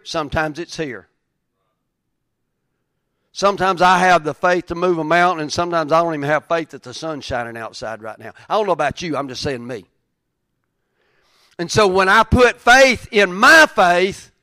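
A man's voice: high voice, no room sound. Man preaching a sermon, dry close sound. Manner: swings from quiet reflection to raised, emphatic preaching. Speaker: pastor.

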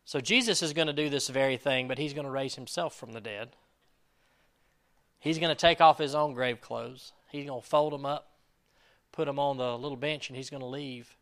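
A man preaching a sermon in an earnest way, swinging between loud emphasis and quiet asides and acting out quoted prayers. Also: medium pitch, normal speed. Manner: acts out quoted prayers and lines. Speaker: pastor.

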